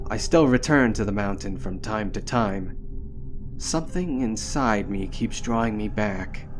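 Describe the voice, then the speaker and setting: A man with a fairly low voice tells a horror story at a very slow, deliberate pace. His delivery is measured and somber, with faint music in the background. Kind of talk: scripted horror narration.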